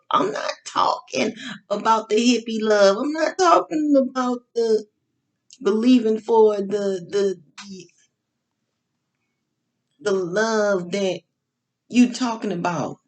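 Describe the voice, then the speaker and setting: A woman's voice: medium pitch, slow. A woman giving a casual, sermon-like monologue about faith and love, with informal slang, repeating phrases for emphasis and often restarting her sentences. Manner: preachy, repetitive, building emphasis. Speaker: online speaker on faith and love.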